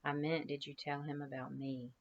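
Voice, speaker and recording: Woman voicing a sullen twelve-year-old girl, terse, mumbling, gravelly, faint background noise. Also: low voice, level tone, normal speed, dull audio.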